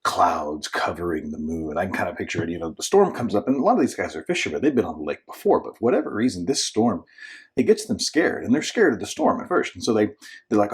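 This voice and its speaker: A lower-voiced man with a slightly husky tone gives a relaxed devotional talk as a church minister. He tells the story in a chatty way, with restarts and asides, and sometimes drops to a whisper or bursts into a shout to act out the voices. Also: fast talker. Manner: frequent restarts and filler asides. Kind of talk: informal short devotional talk.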